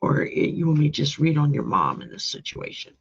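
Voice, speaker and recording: A woman with a low, creaky, husky voice hosts a live stream, her pitch swooping wildly as she talks fairly quickly. She greets viewers by name, laughs easily, and draws and reads oracle cards in a casual session. The stream audio sounds dull and lo-fi.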